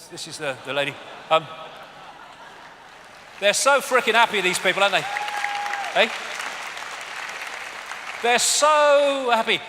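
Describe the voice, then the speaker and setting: High, bright English man lecturing. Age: 60s. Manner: animated, sarcastic, sweary. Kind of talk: live stage talk. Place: large arena stage. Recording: arena hall reverb with faint crowd.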